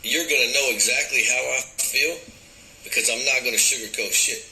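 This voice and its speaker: A man's voice: medium pitch, brisk, pushed and bright, echoey room, slight background noise, low-quality recording. A man speaking bluntly and profanely, giving his opinion in casual talk.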